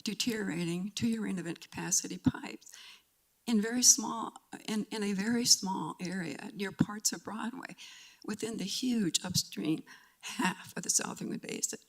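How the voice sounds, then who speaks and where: A woman's voice: mid-range voice, moderate pace, gravelly. An older woman giving public comment at a council meeting, earnest and emotional, fighting back tears and stumbling over restarts.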